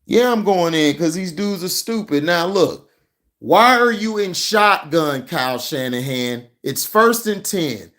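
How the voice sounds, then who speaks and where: Heated, slow-talking sports ranter. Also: male voice, high-pitched, sing-song, fairly bright tone. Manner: heated, profane, mocking. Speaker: sports commentary vlogger. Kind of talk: ranting football reaction commentary.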